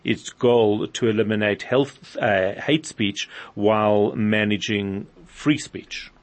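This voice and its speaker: A man with a fairly low voice hosts a live interview show. He gives a brief news lead-in and then questions his guest, with frequent repeated words and restarts. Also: slow. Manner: stammering restarts when excited. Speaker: radio talk show host.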